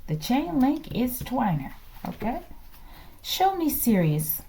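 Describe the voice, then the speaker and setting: A woman's voice: a little high, sing-song, slow, background noise. A woman giving a channeled tarot reading to her viewers, chatty, laughing often and dropping into whispers. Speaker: tarot reader.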